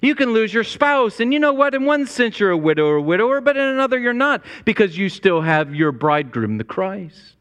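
A man preaches in a church sanctuary, his fairly high voice climbing to emphatic peaks before sinking low and quiet. Long reverb from the big hall hangs behind every phrase. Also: big pitch swings, a little fast, hardly any pauses, clear, resonant tone. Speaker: pastor. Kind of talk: sermon.

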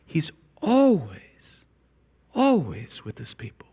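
A man preaching a sermon as pastor, climbing to emphatic high peaks and then dropping low and quiet. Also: huge pitch swings, slow pace, breathy edge. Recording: long reverb of a large hall.

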